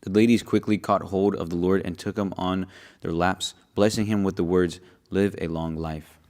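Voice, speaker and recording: A man's voice: sits low, fairly even intonation, moderate pace, a little mellow. A man taking his turn in a group reading, reading scripture aloud steadily with small restarts.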